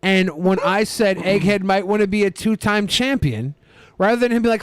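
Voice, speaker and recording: A man's voice: high voice, moderate pace, no echo. A man hosting a podcast, ranting crudely and with animation in comedic banter. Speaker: podcast host.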